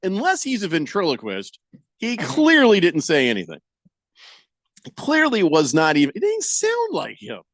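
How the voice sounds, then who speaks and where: An older man hosting sports talk radio, telling a story with animated energy and a studio mic. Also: high-pitched, moderate pace, no echo. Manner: animated storytelling, acts out quoted voices.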